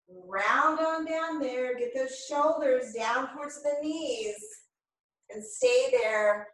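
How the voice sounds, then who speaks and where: A woman guides a yoga class at a slow, unhurried pace, her voice bright and a bit high. She sits well back from the camera mic in a very echoey room. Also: recorded from a distance. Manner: slow, calm cueing of breath and movement. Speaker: yoga instructor. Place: home room, filmed on own camera. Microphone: camera mic at a distance.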